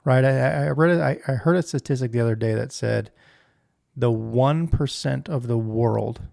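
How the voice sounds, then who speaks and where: A man's voice: medium pitch, normal speed, gravelly, a little mellow, dry recording, clean studio sound. A man co-hosting a podcast, giving emphatic opinions with stammering restarts. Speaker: podcast co-host. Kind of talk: casual chat.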